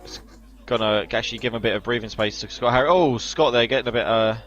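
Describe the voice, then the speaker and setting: A man's voice: mid-range voice, fast, lo-fi sound. Chatty male sim racing commentator. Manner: chatty, analytical, excited on incidents. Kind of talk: live esports race commentary.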